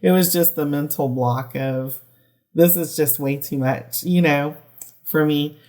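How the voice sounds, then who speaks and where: A woman with a low-pitched voice hosting a casual podcast interview. She is encouraging and laughs along, sharing her own memories in easy conversation. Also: measured pace. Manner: warm, encouraging listener who laughs along. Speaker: podcast host.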